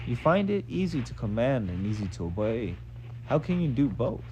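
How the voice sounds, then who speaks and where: A man's voice: mid-range voice, sing-song, moderate pace, darkish tone, muffled recording, a little hiss or hum, close to an everyday voice. A man reading aloud, voicing an earnest, curious male alien who questions humans.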